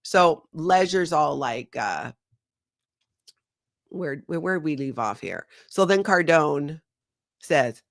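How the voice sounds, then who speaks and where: A woman hosting a livestream, chatting with viewers and retelling a story in an animated, conversational way. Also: deep voice, slow pace, gravelly, pauses often, no room sound, studio quality. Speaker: host. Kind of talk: livestream commentary.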